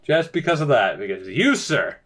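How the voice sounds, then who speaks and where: A man's voice: mid-range voice, big pitch swings, moderate pace, a bit bright. A man casually commenting while playing a hockey game, joking and stumbling over players' names. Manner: joking, sounds out names, laughs often. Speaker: gaming YouTuber. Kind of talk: casual let's-play commentary.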